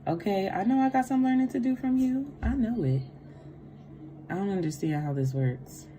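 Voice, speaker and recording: A woman hosting a tarot livestream, animated and laughing with viewers, dropping to a soft voice to pray. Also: mid-range voice, normal speed, a little hiss or hum. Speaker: tarot reader and livestream host. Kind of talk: livestream chat with prayer.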